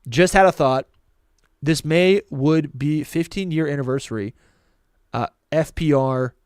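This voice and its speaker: Casting: excitable male podcast co-host, slightly high voice, dry close mic, casual. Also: measured pace, smooth, dry recording. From New England. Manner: excitable, reads super chats, laughs often. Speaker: podcast co-host reading donations. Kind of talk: casual live-stream chat.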